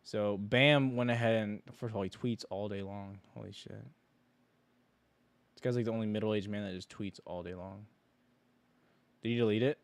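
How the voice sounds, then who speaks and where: A young man hosting a casual stock trading livestream, rambling and joking in slang, with sudden loud mocking bursts. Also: on the low side, fairly even intonation, normal speed, long pauses, no room sound.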